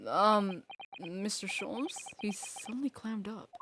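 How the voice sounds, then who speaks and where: A woman streaming a game, excitable and giggly, reading the game text aloud. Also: mid-range voice, takes it slowly, background noise. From Canada. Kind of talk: let's play commentary. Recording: game music loud in the mix. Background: game music.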